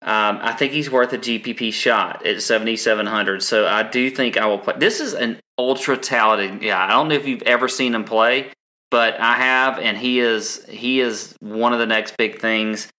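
A man co-hosts a podcast in a medium-pitched, sharp-toned voice at normal speed. His casual chat rambles, full of ums and restarts.

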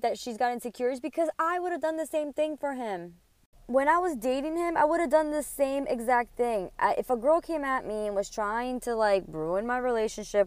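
Woman podcaster ranting about her ex, swears a lot, smooth clear voice, dry close sound. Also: a little high, darkish tone, no echo. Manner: profane, indignant, rambling. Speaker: podcast host. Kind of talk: heated personal storytelling.

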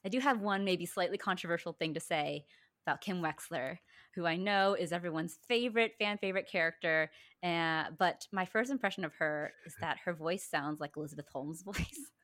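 A woman's voice: fairly low pitch, brisk, fairly bright tone, dry recording, clean studio sound. A woman co-hosting a casual podcast, chatty and giggly with lots of fillers. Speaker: podcast co-host. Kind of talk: casual chat.

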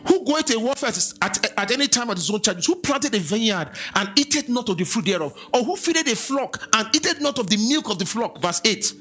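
A Nigerian pastor preaches with a bright, forceful edge, and his pitch leaps and dips all over as he teases the congregation and chants scripture. Soft music sits faintly underneath him in the church. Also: a little fast, hardly any pauses, slightly rough. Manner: lively, preaching with asides, chanted scripture and mimicry. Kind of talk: sermon.

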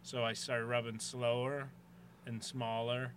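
A man's voice: medium pitch, measured pace, slight background noise. A man in his thirties hosting a podcast, telling family stories in casual chat and laughing often. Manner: animated storyteller, laughs often. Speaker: podcast host.

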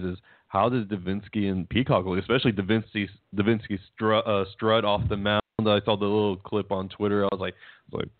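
Over a dry, tinny line that sounds like a phone, this man co-hosts a casual sports podcast. He rambles, often starts his sentences over, and laughs at his own jokes in a fairly low voice with no room sound.

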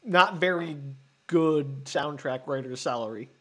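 A podcast guest chatting casually about a movie, lively and giggly, talking in quick bursts. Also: mid-range voice.

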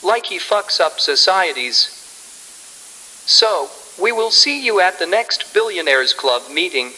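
A man's voice: sits high, bright, forceful tone, in a large hall, exaggerated voice, poor audio. A man playing a smug, evil male billionaire in a crude comedy sketch impression, boasting with gleeful menace.

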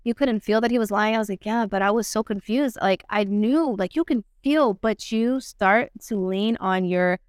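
A woman talks candidly as a podcast guest, blunt and profane as she retells what happened. Her voice is smooth and clear. It is recorded dry on a close mic. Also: medium pitch, moderate pace, hardly any pauses, dry recording. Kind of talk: candid conversational storytelling.

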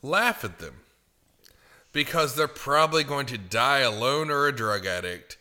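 A man co-hosting a podcast, chatting casually and making crude, provocative dark jokes with a lot of swearing. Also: medium pitch, animated, unhurried. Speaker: podcast co-host. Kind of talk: casual chat.

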